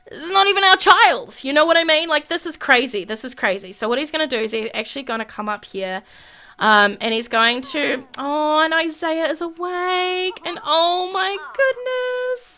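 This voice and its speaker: A young woman hosting a gaming video speaks in a high, sharp, expressive voice at a moderate pace. Her excited let's-play narration of a life-sim game is dramatic and gasping, repetitive, and includes her acting out the characters' fights.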